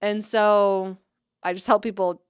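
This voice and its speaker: A woman's voice: mid-range voice, unhurried, clear, resonant tone, no room sound, clean studio sound. A young adult woman, an athletic trainer, telling a story in casual podcast talk, with "like" in nearly every phrase. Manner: chatty, heavy use of "like", animated retelling.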